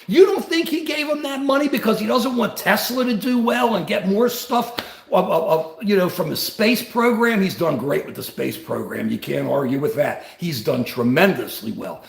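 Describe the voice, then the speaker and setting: A man hosting a political livestream, emotional and emphatic, repeating himself, answering viewers' comments by name and yelling at times. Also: high-pitched, animated, moderate pace, vocal fry, few pauses. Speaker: livestream host. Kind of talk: impassioned political livestream rant. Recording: roomy echo.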